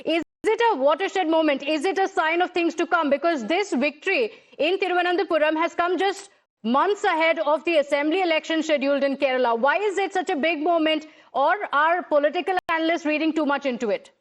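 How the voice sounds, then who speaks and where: A woman's voice: high voice, fairly quick. A woman news anchor moderating a TV panel debate, pressing panelists with pointed questions.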